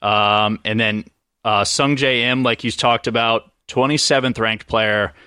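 A man co-hosting a golf betting podcast talks through his picks in a relaxed, joking, meandering way. His medium-pitched voice is unhurried, clear, and resonant, captured studio-quality with no echo.

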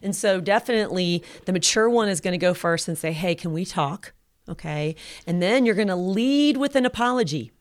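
A woman's voice: medium pitch, animated, brisk, few pauses. A middle-aged woman co-hosting a marriage advice show, speaking earnestly and affirming. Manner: earnest, affirming, quotes scripture. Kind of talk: casual advice chat.

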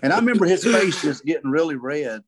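A man, a guest telling a hunting story in a casual, animated way and acting out voices and calls. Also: fairly high pitch, fast talker, a crowd in the background. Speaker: guest turkey hunter.

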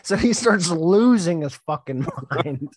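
A man's voice: on the high side, expressive, a little slow, dry recording, clean studio sound. A man telling a story about his tree job in casual chat, swearing a lot and laughing often as he acts out what people said.

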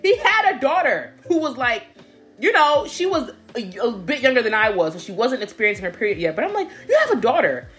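A woman's voice: a little high, brisk, faint music behind. A young woman casually telling a story, laughing and acting out what people said. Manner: animated, laughing storytelling with acted-out quotes. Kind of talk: casual chat.

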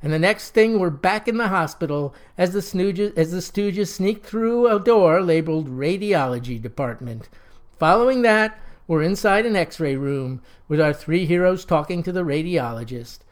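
A narrator reading a slapstick comic story aloud in an even storytelling delivery. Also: medium pitch, moderate pace.

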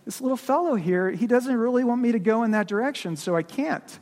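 A man's voice: very high voice, lively intonation, fairly quick, a little mellow, voice pushed up. A man voicing a timid, fearful male ghost who pleads and whines in a raised voice. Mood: pleading. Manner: whiny, pleading, rising to panicked cries. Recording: long reverb of a large hall.

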